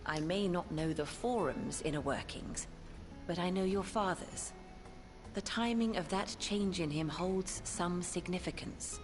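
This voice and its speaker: A woman voicing a wise older woman who gives measured, gentle counsel in a game cutscene. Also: fairly low pitch, close to an everyday voice. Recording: game audio with music behind.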